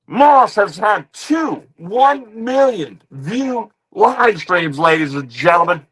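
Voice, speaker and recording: A man hosts a reaction stream, mocking people in a rant and repeating "ladies and gentlemen" over and over. His high voice is animated and slightly rough, and he speaks slowly with few pauses. The recording is low quality.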